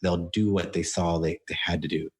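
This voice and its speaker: A man with a very low, deep voice speaks as a podcast guest. He explains his work through anecdotes and often acts out what his clients said. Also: flat delivery, moderate pace. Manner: explains with stories and acted-out quotes. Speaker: book coach guest. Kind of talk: podcast interview.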